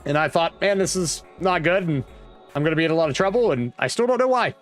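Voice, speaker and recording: With soft music in the background, a West Virginia vlogger (also described as from Virginia) looks over a map and tells a rambling childhood tale, restarting and adding asides. He's animated and a fast talker, with a voice on the high side.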